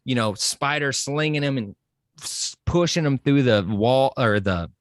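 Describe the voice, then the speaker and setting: Excitable man on a dry close mic. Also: unhurried, no room sound. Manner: animated, excitable, jumps into high exclamations. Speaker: pop culture podcast guest. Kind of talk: excited casual movie discussion. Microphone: close microphone.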